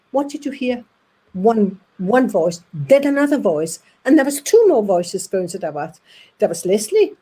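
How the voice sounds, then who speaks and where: Danish woman storyteller, mellow husky voice, animated delivery that acts out the voices. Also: high-pitched, rough recording. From Denmark. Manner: lively, acts out voices in her anecdotes, with halting restarts. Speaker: speaker at an audience evening. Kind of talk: anecdotal storytelling to an audience.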